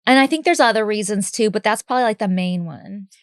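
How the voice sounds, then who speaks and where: Woman podcast co-host, rambling and casual, medium pitch, close dry recording. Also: quick pace, clear, resonant tone, no room sound. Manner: chatty, lots of "like" and "and stuff". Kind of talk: casual chat recapping a reality show.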